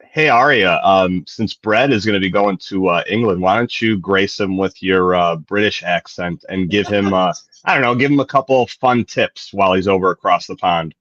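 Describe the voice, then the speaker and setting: Male co-host, low voice, meandering and teasing, lo-fi dry recording. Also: moderate pace, hardly any pauses, fairly bright tone, no room sound. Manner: rambling, hesitant, teasing. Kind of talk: casual live-stream chat. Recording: dull dry mic.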